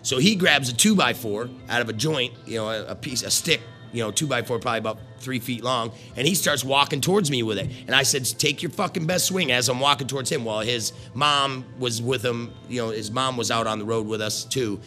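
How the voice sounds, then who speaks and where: A man's voice: medium pitch, a little fast, few pauses, bright, forceful tone, faint music behind. A middle-aged man telling a story in a blunt, rambling, foul-mouthed way. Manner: profane, blunt, swears constantly; rambling with restarts. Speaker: former carnival worker. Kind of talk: casual storytelling.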